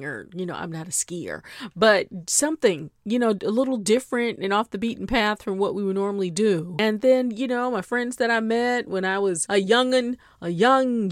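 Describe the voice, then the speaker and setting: A woman's voice: mid-range voice, dry recording, clean studio sound. A middle-aged woman hosting a podcast in casual chat, playful and chatty, laughing often. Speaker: podcast host.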